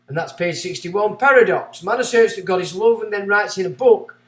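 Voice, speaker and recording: A man with a fairly high voice hosts a livestream, reading passages from a book aloud. He keeps breaking off into rambling, excitable asides. The sound is roomy and echoey. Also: fairly quick. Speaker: livestream host.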